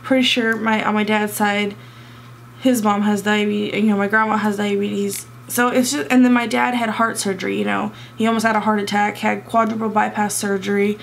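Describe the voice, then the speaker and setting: A young woman tells a personal story to her camera, close to tears and stumbling over fillers. Her voice is gravelly and flat, held close to one pitch. A faint hiss sits behind her. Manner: emotional, halting, many fillers. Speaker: vlogger.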